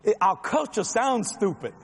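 Husky Cajun preacher in a big hall. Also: male voice, high-pitched, big pitch swings, moderate pace. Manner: folksy, emphatic, joking. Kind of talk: sermon with humor and jokes.

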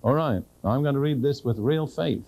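A man preaching a sermon, earnest and direct, who slows down to read scripture with emphasis and keeps asking his listeners questions. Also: mid-range voice, a little mellow, rough recording.

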